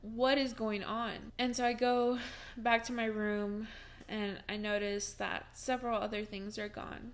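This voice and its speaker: A woman's voice: medium pitch, flat delivery, a little slow. A young woman vlogging from home, telling a personal story in a casual, chatty way with many fillers and restarts, and breaking into laughs as she talks.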